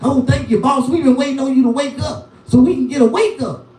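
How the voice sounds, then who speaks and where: A man's voice: very high-pitched, fairly quick, a little mellow, far from the mic, voice pushed up. A man voicing fawning, eager hangers-on who grovel to their boss. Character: eager fawning drug-using hangers-on, adult men. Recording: roomy sound, voice from the mic.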